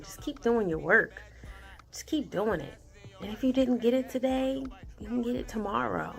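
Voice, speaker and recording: A woman vlogging casually about her day, chatty and animated, often laughing and quoting herself. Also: mid-range voice, moderate pace, creaky, faint music behind. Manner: chatty, animated, talks to herself in quoted asides; laughs often while talking. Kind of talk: casual personal video diary.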